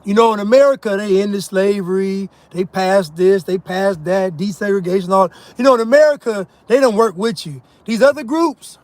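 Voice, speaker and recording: High-voiced man in a mocking rant. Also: normal speed, hardly any pauses, a little mellow, dry recording. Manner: emphatic, mocking, laughs at his own points. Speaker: commentator. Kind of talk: ranting monologue.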